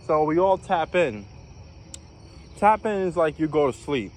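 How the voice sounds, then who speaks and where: A young man tells a personal story in a casual, rambling way, often repeating phrases. His voice sits a little high. He is recorded outdoors, with faint insects and outdoor noise behind him. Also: big pitch swings, unhurried, long pauses. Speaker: vlogger.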